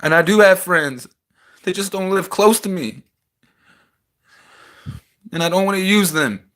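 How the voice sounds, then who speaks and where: A young man in a small house, venting a raw personal rant that swings between heated outbursts and quieter reflection. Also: high voice, unhurried. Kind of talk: emotional personal rant to camera.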